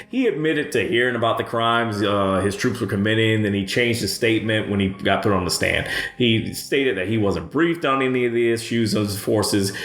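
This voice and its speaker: A man narrating history in a casual way, breaking off into profane, sardonic asides full of dark humor. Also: fairly low pitch, animated, moderate pace. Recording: roomy echo with faint music.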